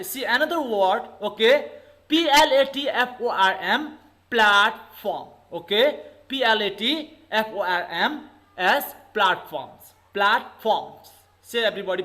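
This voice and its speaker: A man's voice: high-pitched, very animated, normal speed, pushed and bright, low-quality recording. A male English teacher with a Nepali accent, giving an online lesson and calling on the class over and over. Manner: repetitive, keeps calling on the class with okay and everybody.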